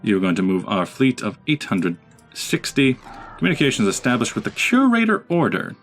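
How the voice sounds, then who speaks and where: A man's voice: medium pitch, huge pitch swings, moderate pace. A man giving casual gameplay commentary as a let's play host, chatting and talking to his units. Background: game music.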